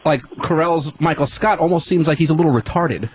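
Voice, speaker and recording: A man's voice: on the high side, a little fast. A man co-hosting a radio talk show, casually retelling comedy scenes with laughter. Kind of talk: casual chat.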